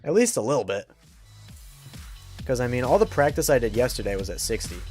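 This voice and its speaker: A man's voice: mid-range voice, sing-song, fairly quick, darkish tone, soft background music. A young man chatting casually on a game livestream, joking with chat and muttering to himself as he plays. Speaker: game streamer.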